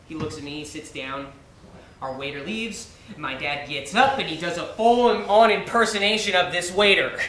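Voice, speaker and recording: A man's voice: on the high side, moderate pace, bright, forceful tone, slight background noise. An actor in his thirties playing a frustrated, hurt gay man on stage, speaking with tense agitation. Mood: bitter. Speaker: visitor. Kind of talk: stage play acting. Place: theater stage. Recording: echoey stage, from far off, faint ambience.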